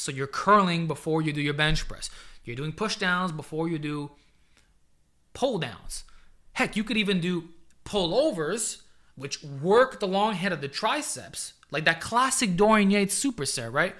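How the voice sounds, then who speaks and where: A man hosting a casual live-stream Q&A as a fitness coach, giving training advice in an energetic, chatty way and calling viewers "man", speaking into a desk microphone he sometimes leans away from. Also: on the high side.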